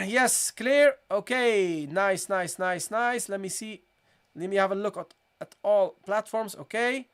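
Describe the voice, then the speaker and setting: Tajweed teacher, live online class, repeats syllables slowly, keeps saying "guys", mid-pitched voice. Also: clear, resonant tone. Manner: repetitive, keeps calling the audience "guys"; asks for chat responses, encouraging. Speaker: Quran recitation teacher.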